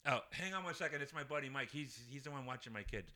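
A middle-aged man on a podcast telling a date story in a casual, animated way, acting out quotes and laughing often. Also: medium pitch, fast, hardly any pauses.

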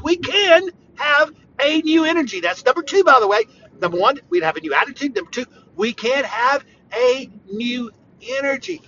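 A man preaching on a podcast in an informal, conversational way, emphatic and repetitive, with sudden bursts of loud emphasis. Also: very high voice, big pitch swings, normal speed, highs cut off, slight background noise. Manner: conversational, talks straight to the listener. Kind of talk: informal devotional podcast talk.

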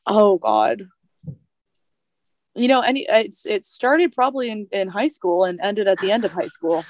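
A woman's voice: medium pitch, a little slow, a little mellow, a little hiss or hum. A woman in her twenties co-hosting a podcast, chatting in a casual way, blunt, crude and joking. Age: 20s. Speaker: podcast co-host. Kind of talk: casual chat.

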